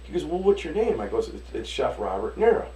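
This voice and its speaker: A man from Detroit, a restaurant owner and chef, telling animated stories in a casual interview, acting out the voices of the people in them and swearing casually. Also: fairly high pitch, fairly quick, a little hiss or hum, low-quality recording. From Detroit, USA.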